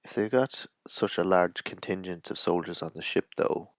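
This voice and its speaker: A man playing a tabletop game, weighing the plan in a measured, thoughtful way. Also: low-pitched, no echo. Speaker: player.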